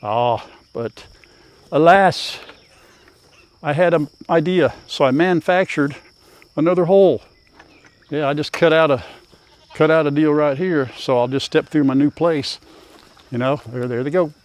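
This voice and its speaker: Folksy older farmer. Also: male voice, fairly high pitch, measured pace, long pauses. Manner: folksy, talks to animals and viewers while doing chores. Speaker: farm vlogger. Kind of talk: casual farm vlog. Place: outdoors on a farm.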